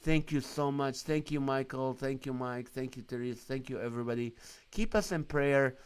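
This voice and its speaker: A man's voice: medium pitch, moderate pace, clear, resonant tone. A man hosting a live Christian stream, preaching earnestly and asking his viewers many rhetorical questions.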